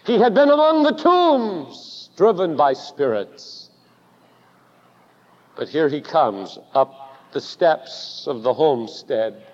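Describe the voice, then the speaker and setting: A man preaching a sermon, telling a story dramatically and building to loud emphatic peaks. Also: a little high, very animated, slow pace. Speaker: pastor. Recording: dull recording with long hall reverb.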